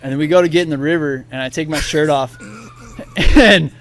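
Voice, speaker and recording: A man's voice: on the high side, steady tone, rapid-fire, soft background music. A man in his thirties on a podcast, telling a story casually and acting out the people he quotes. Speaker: podcast guest.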